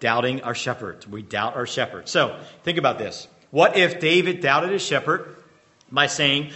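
A man's voice: medium pitch, bright, forceful tone. A man preaching a sermon as pastor, quizzing the congregation with fill-in-the-blank questions and repeating key points with emphatic bursts. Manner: emphatic bursts and slowed-down repetition.

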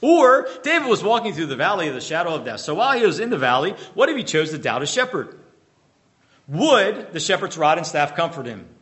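A man's voice: a little high, very animated, a bit bright. A man preaching a sermon as pastor, quizzing the congregation with fill-in-the-blank questions and repeating key points with emphatic bursts. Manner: emphatic bursts and slowed-down repetition.

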